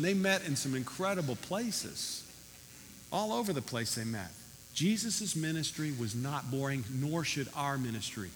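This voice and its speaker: A man's voice: fairly high pitch, fairly bright tone, slight background noise. Emphatic preaching man in a reverberant hall. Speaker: pastor. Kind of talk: sermon. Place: church hall.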